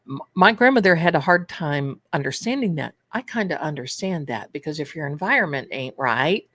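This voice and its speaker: A woman's voice: deep voice, expressive, moderate pace, a bit bright, dry recording. A woman hosting a manifestation and tarot show, telling stories in a casual livestream chat and calling her viewers darlings. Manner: chatty storyteller, addresses viewers as darlings.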